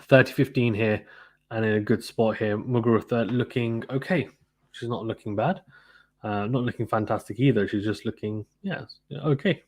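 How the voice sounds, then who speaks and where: A man streams live play-by-play tennis commentary in a chatty, informal style, pausing to read viewers' comments and using fillers like "to be honest with you." His voice is lowish, a little mellow and breathy, at a moderate pace.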